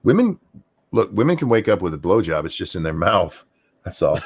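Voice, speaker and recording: Tipsy male stream host, crude and rambling; deep, gravelly, very animated delivery. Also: fairly quick. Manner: crude, rambling, teasing, drinking while talking. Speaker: show host. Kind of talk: casual late-night stream chat.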